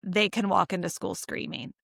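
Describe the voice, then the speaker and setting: A woman in her thirties, a podcast co-host, telling animated stories about school drop-offs, her pitch rising when she gets emphatic. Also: moderate pace, gravelly, no room sound, clean studio sound. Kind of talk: casual chat.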